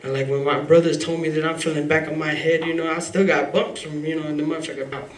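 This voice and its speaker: A man's voice: fairly high pitch, flat delivery, fast talker, a little hiss or hum. A man telling a raw, emotional personal story at a live story slam, rambling, swearing and filling gaps with "you know". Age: adult father. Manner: rambling, heavy on "you know" fillers, profane. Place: live event venue. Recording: roomy hall from a distance.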